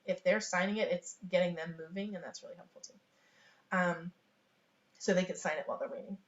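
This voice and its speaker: A woman's voice: on the low side, fairly quick. Chatty woman teaching from a webcam. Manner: chatty, many fillers and small laughs. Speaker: sign language teacher. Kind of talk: casual online teaching. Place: home room. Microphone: webcam on a video call. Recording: echoey, dull home webcam recording.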